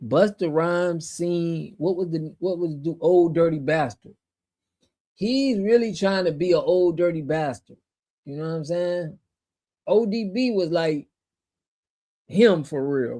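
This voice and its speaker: A man's voice: a little high, measured pace, darkish tone. Fired-up American man, slangy livestream host. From United States. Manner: emphatic, slangy, repeats himself when fired up. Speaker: show host. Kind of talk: casual livestream commentary answering chat.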